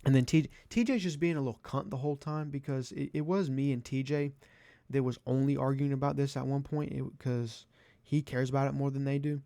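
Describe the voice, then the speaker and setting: Young male vlogger, exasperated and cussing. Mid-pitched, dry sound. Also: fairly even intonation, brisk, creaky, dark tone, no echo. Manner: profane, exasperated, sarcastic. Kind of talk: ranting commentary.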